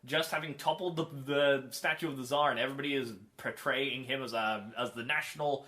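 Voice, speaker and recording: A man arguing his side in a casual film podcast, with a bright, forceful tone. He is wry and a little combative, making his points with dry jabs. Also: medium pitch, steady tone, a little fast. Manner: wry, argumentative. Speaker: podcast co-host. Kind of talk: casual movie debate chat.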